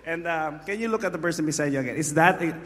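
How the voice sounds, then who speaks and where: A husky-voiced man with a Filipino accent preaching a live sermon, bantering playfully with his congregation. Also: on the high side, fast, a bit bright, slight background noise. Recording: echoey hall.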